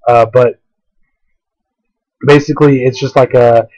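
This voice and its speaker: A man casually explaining software in a tutorial, rambling with many fillers, recorded at home on a laptop. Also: medium pitch, steady tone, unhurried, no echo, highs cut off. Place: home, by a window. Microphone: laptop mic.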